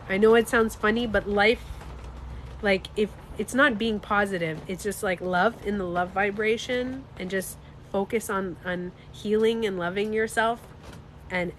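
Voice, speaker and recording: A woman talking casually to her live-stream viewers, animated and emphatic, swearing and laughing as she goes. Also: medium pitch, a little hiss or hum. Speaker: beauty coach and vlogger.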